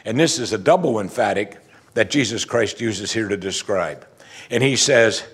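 A man's voice: lowish voice, lively intonation, normal speed, breathy edge. A man preaching a sermon as pastor, emphatic, using rhetorical questions and musing hums between points.

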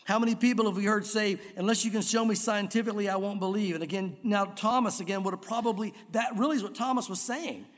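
A man's voice: high voice, fast talker, few pauses. A man preaching a sermon as a pastor, telling stories and acting out voices. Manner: animated storytelling, acts out voices. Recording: long reverb of a large hall.

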